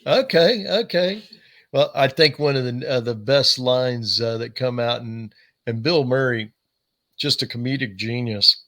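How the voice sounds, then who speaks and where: A man's voice: mid-range voice, measured pace, fairly bright tone. A man hosting a casual podcast interview, asking questions and giving frequent short encouraging replies. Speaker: podcast host.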